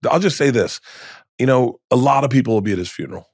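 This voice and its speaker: A man's voice: medium pitch, expressive, fast talker, creaky, darkish tone, no echo, clean studio sound. A middle-aged man, a comedian guest, telling candid stories in a podcast interview, rambling and restarting, with emotion showing through.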